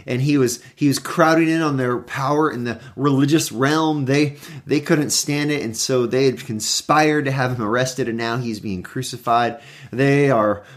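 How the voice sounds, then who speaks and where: Man, devotional Bible teacher, earnest and animated, mid-pitched voice, reads scripture and explains it. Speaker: pastor.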